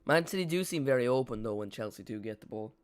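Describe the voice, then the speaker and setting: A young man hosts a live football watch-along, offering casual match commentary in a chatty, self-mocking style. His medium-pitched voice is smooth and animated, and he talks at a quick pace.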